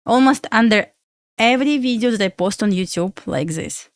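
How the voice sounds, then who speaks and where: A woman's voice: on the high side, expressive, normal speed, no room sound, studio quality. A young woman from Belarus with a Russian accent, hosting a casual trading livestream and answering questions from chat with lots of fillers.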